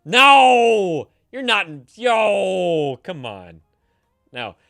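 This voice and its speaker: A man hosting a casual live stream, reading chat aloud and answering with loud, teasing, profane banter while drinking beer. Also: high voice, very animated, extremely slow, gravelly, no room sound, studio quality, soft background music. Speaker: streamer giving advice to chat. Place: home streaming setup, San Francisco.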